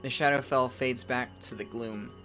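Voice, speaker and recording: Game music accompanies a man reading a text adventure aloud in a steady, mid-range voice at moderate speed. Every so often he breaks off with a loud, startled exclamation.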